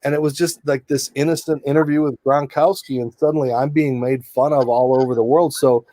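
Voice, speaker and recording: A man's voice: mid-range voice, fairly even intonation, fairly quick, mellow, dry recording. A middle-aged man, a sports reporter guest, telling rambling stories in a casual interview. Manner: chatty, rambling, many asides.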